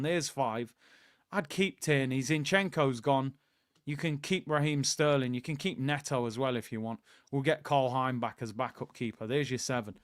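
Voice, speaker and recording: Male watchalong host: casual, opinionated, talks straight to viewers. Slightly high voice, smooth, dry close sound. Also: no room sound. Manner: casual, opinionated, conversational, addresses viewers directly. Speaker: host of a live football watchalong. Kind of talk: live watchalong commentary, reading out chat.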